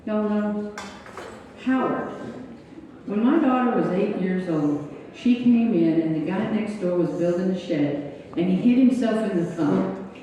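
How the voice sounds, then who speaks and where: Lady in her 60s doing standup, self-mocking stories, mellow voice, far off the mic in a big echoey club hall. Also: medium pitch, unhurried, highs cut off, a little hiss or hum. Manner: chatty, self-mocking storytelling. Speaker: stand-up comedian. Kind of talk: stand-up comedy set. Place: comedy club stage.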